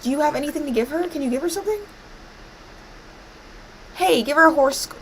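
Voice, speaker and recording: A woman's voice: high-pitched, expressive, a little fast, poor audio. A woman streaming a life-sim game, commenting playfully and bossing her characters around. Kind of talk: live gameplay commentary.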